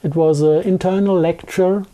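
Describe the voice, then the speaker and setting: A man with a thick German accent, a guest in a conversational interview, talking haltingly with many restarts and fillers. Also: high voice, fairly even intonation, dark tone.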